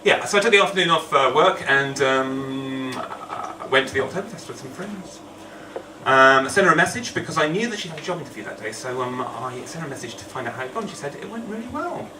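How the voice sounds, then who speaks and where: A man's voice: medium pitch, animated, quick pace. Brief: male storyteller rambling through a funny true story, heard from a distance in a roomy hall with background noise. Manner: rambling, self-deprecating, humorous. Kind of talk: live storytelling on stage. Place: event hall. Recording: echoey hall, distant mic, noisy.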